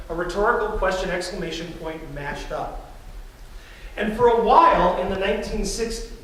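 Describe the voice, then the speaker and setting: A man's voice: high voice, a bit bright, a little hiss or hum. A man preaching a sermon as a pastor in a church, telling stories in a conversational way. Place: church sanctuary. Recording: very echoey church, distant mic.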